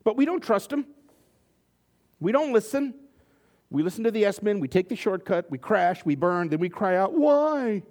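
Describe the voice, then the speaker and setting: A man's voice: high-pitched, normal speed, pauses often, a little mellow. A man preaching a sermon, reading scripture and acting out the quotes with joking asides. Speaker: pastor.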